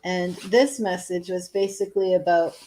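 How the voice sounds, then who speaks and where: A woman's voice: lowish voice, steady tone, normal speed, mellow, low-quality recording. A woman hosting a live-streamed tarot reading, chatting casually, laughing often and reading card messages aloud. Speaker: tarot reader.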